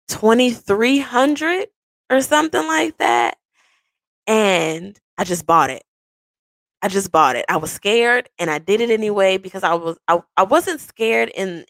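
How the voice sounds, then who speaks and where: Telling a story about herself, the young woman hosting this podcast keeps it relaxed and animated, swearing without restraint and breaking into squeals and laughter. The audio is dry.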